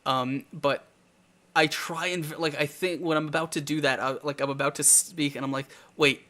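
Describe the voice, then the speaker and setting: A man hosting a live talk show, telling game stories in a rambling, animated way with lots of restarts. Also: a little high, a little fast. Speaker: talk show host and dungeon master.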